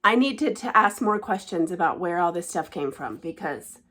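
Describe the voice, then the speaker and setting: A woman's voice: lowish voice, lively intonation, moderate pace. Gushing woman showing off stitching gifts. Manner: gushing, emotional, often hushed and breathy with delight. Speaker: cross-stitch vlogger. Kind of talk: casual show-and-tell vlog.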